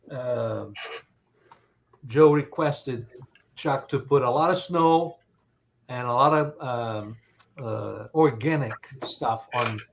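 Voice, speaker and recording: Man, host, casual chat, hesitant, faint background noise. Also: mid-range voice. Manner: halting, many fillers.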